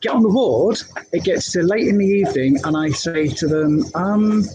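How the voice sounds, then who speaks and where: A middle-aged woman, casually telling a candid story live from her hospital bed, halting often with fillers and restarts. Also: lowish voice, noisy background. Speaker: health vlogger.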